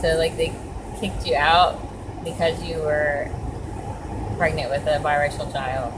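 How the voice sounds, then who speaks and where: A woman's voice: deep voice, sing-song, unhurried, long pauses, heavy background noise. A middle-aged woman talking casually and emotionally from her car, rambling with many fillers and restarts. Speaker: vlogger. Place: parked car.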